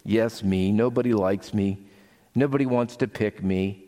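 A man's voice: on the low side, a little slow, warm tone, lightly acted. A man voicing a gloomy young boy elephant in a children's story read aloud, in a raised, pleading voice. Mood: glum.

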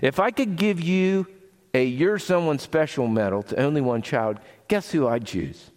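A man reading the part of a loving mother elephant in a children's story, soft and warm. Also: a little high, animated, normal speed, pitched above the performer's own voice, close to an everyday voice. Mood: tender.

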